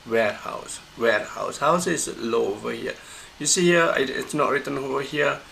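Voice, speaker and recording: Gravelly man teaching pronunciation. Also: mid-range voice, a bit bright, a little hiss or hum, rough recording. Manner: halting, many fillers and restarts. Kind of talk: screen-recorded lecture.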